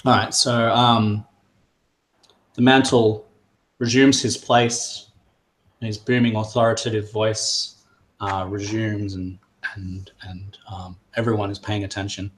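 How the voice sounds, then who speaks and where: Man, game master, low voice, very slow, halting, echoey room. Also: flat delivery. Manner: halting, with many fillers and restarts. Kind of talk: narrating a tabletop game.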